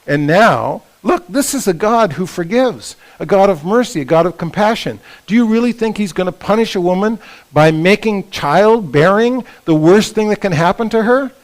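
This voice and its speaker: Older guy teaching bible stuff to a room, highish voice, keeps asking "right? okay?". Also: moderate pace, poor audio. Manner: lively, asks the audience for agreement. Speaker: retreat teacher. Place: conference room at a resort.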